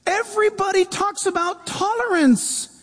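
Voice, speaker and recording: A man preaching a sermon as pastor, animated, with humorous asides. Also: very high voice, normal speed, faint music behind. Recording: long hall reverb.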